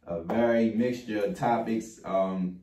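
A man's voice: fairly low pitch, steady tone, a little slow, warm tone. A man hosting a casual panel podcast, talking loosely, swearing freely and laughing often. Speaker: podcast host. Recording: roomy distant mic with faint noise.

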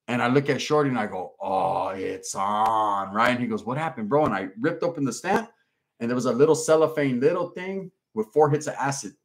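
A man hosting a livestream, telling a long story in laid-back street slang and reading out comments from chat. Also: medium pitch. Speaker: livestream host.

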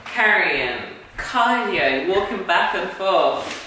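A woman talking casually to her camera in a garden, chatty and excitable, laughing often. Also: mid-range voice, takes it slowly. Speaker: vlogger. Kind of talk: casual home vlog. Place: outdoors in a garden. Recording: echoey with loud background noise.

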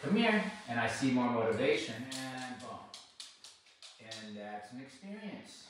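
A man with a lowish voice talks through a dog training session, explaining each step in a plain, steady way. He sounds far from the mic, with a strong echo and a faint hiss behind him. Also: moderate pace. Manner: calm explanation broken by high-pitched praise to the dog. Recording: distant echoey mic with faint noise.

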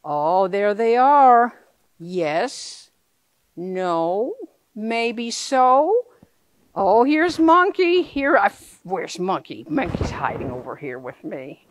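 Animated woman reading a storybook aloud. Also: mid-range voice, slow pace. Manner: animated, questioning, playful with listeners. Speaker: picture-book reader. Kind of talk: reading a picture book aloud to children.

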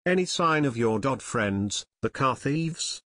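A man's voice: medium pitch, lively intonation, measured pace, fairly bright tone, no room sound. A man voicing a smug, bumbling would-be detective who is sure of his own deductions. He sounds pompous and self-satisfied. The audiobook recording is dry and close.

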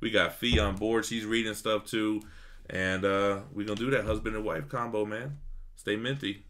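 A man's voice: on the low side, fairly even intonation, normal speed, noisy background. A man hosting a casual comic book review, talking in laid-back slangy banter. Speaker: host.

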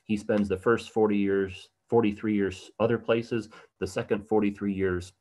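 A man with a fairly low voice gives a livestreamed art talk. His delivery is casual and chatty, full of ums and asides. He perks up now and then to stress a point. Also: moderate pace. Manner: casual, conversational, animated at times, many fillers. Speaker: tour guide presenting an online program.

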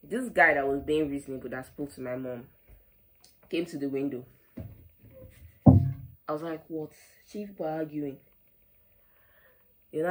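Nigerian girl doing a storytime vlog, low voice, lots of "like", acts out who said what. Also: low-quality recording. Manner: animated, with quoted back-and-forth and frequent "like". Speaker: vlogger.

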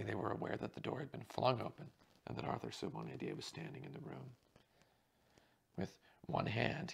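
A man with a gravelly, husky voice, steadily reading a mystery novel aloud. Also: mid-range voice. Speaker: audiobook reader.

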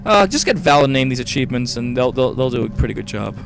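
A man's voice: medium pitch, sing-song, fast talker, gravelly, soft background music. A young man hosting a gaming video, rambling casually, exasperated and swearing a lot. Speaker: host.

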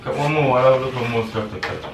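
A man's voice: medium pitch, steady tone, quick pace, far from the mic. A young man filming a prank at home, repeating apologies and swearing often. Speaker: prankster, channel co-host. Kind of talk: prank video, casual chat. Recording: roomy, off-mic home camera with faint noise.

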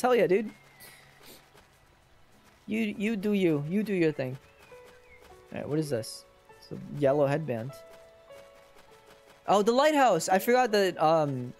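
A chatty streamer plays through a game and talks to viewers in loose, casual commentary. The voice is animated, with a wide pitch range, and often drops to a quiet mutter while searching around. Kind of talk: casual let's-play commentary.

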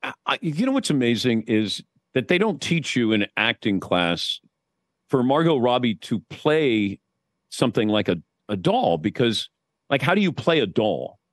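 An animated man chats about sports and tells stories, slipping into other voices when he quotes people. His voice sits in the middle of the male range. The studio sound is dry and close. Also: mid-range voice, moderate pace, dry recording. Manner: animated storyteller, does voices when quoting. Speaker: guest. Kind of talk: casual sports chat.

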